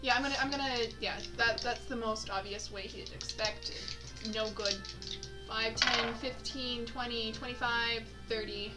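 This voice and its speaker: A woman's voice: fairly high pitch, fairly even intonation, measured pace. A woman player in a tabletop game, talking casually and hesitantly, often restarting while she decides her moves. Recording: voice from far off the mic. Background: background fantasy music.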